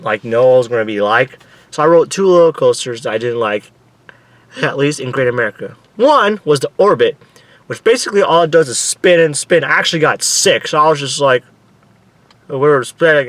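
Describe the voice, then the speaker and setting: A young man casually telling a story in an excitable, animated way, swearing now and then and acting out his own screams. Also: mid-range voice, no echo. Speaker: vlogger.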